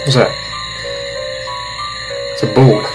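A man's voice: medium pitch, fairly even intonation, slow pace, rough recording. A man hosting a let's-play, making jokes and jumpy reactions while playing a horror game. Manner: jokey, jumpy reactions to scares. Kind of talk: casual gameplay commentary. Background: horror game music.

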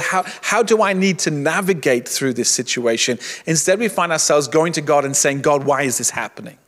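Pastor preaching in an echoey hall. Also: male voice, a little high, fairly bright tone. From England. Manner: conversational, many restarts and "you know". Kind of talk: sermon.

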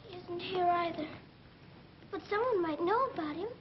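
A woman's voice: very high voice, normal speed, slight background noise. A young girl speaking politely and earnestly in a 1930s film. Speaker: little girl lead in a film. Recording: dull old film soundtrack.

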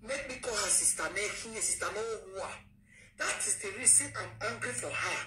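A woman's voice: mid-range voice, expressive, a little fast, pushed and bright. A woman with a Nigerian accent, a content creator, ranting in an aggrieved way and repeating her questions. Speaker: content creator in a played clip. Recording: echoey, distant clip with faint noise.

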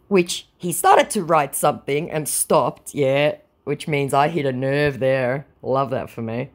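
A woman's voice: rumbling low, lively intonation, a little slow, hardly any pauses. A woman at home giving blunt, sarcastic, casual commentary on chat messages, swearing freely. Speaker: scam baiter. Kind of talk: casual commentary reading chats.

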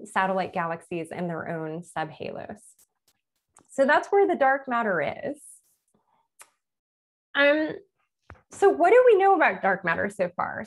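A woman, a physicist, giving a conversational public lecture about her book, explaining plainly with everyday examples and often correcting herself mid-sentence. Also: fairly high pitch. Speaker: physicist giving an author talk.

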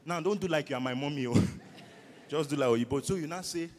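Nigerian guy doing comedy in church, loud n teasing, high voice, big echoey hall. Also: fairly quick, a little hiss or hum. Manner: loud call-and-response, rowdy and teasing. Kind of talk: stand-up comedy at a church service. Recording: echoey hall with long reverb.

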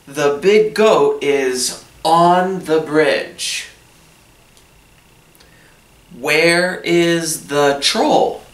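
A man's voice: on the high side, drawn-out words. A man teaching an English lesson, asking simple questions about a story and then answering each one in plain words. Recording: echoey room, voice from a distance.

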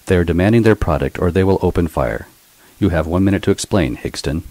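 A man doing a gruff stern general. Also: sits low, fast, mellow, dry recording, low-quality recording. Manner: stern, curt. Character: gruff impatient male military general.

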